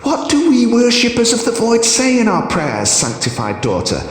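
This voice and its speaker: A sneering, drawling old high priestess, as a male narrator puts her on, swinging her voice up and down with scornful relish. Her scheming comes through in every mocking line of this storybook. The voice rings in a very echoey space with a long reverb tail. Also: huge pitch swings, moderate pace, heavily acted. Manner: drawling, sneering, cackles madly.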